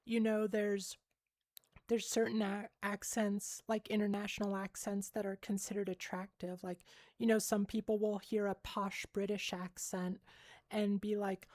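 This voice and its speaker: A woman streams casually and replies to her chat at an unhurried pace. She rambles with lots of fillers and soft giggles. Her voice is close and dry on a desk mic. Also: mid-range voice, level tone, no echo. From United States. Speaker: livestreamer reading chat.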